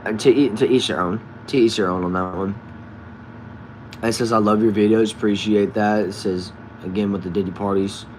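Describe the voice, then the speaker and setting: A man casually hosting a live stream from a backyard shed, reading viewers' comments aloud and answering them in a relaxed way. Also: fairly low pitch, normal speed, a little hiss or hum. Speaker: livestream host reading chat.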